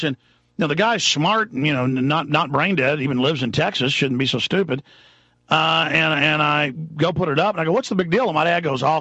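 A male talk radio host in his thirties launches into a fast, heated rant, voice pitched a little high. The sound is dry and close, with a dull, lo-fi broadcast quality. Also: pushed and bright, no room sound. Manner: fast, heated ranting with dramatized quotes.

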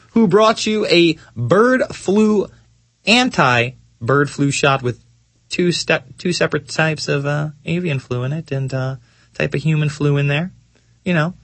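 A man hosts a talk radio show with a slightly high voice. He mocks the headlines sarcastically, drawing words out for stress and then speeding up. The studio sound is dry and close. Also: no room sound. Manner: sarcastic, mocking, swings between slow emphasis and quick rants. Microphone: studio microphone.

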